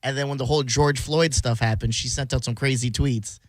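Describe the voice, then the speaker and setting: A radio co-host chatting casually, adding joking asides and laughing often. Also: male voice, medium pitch, fairly even intonation, brisk, dry recording. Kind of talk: casual radio show banter.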